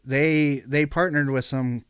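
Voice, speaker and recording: A man from the American Midwest chatting as a podcast guest, easygoing and quick to laugh, with lots of fillers. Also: medium pitch, fairly even intonation, a bit bright, clean tone, dry recording, studio quality. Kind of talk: casual podcast chat.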